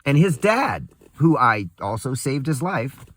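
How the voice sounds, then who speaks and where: A man's voice: medium pitch, very animated, a little slow, a bit bright, no room sound. A young man in a casual, angry, profane rant, laughing bitterly and swinging between muttering and a raised voice.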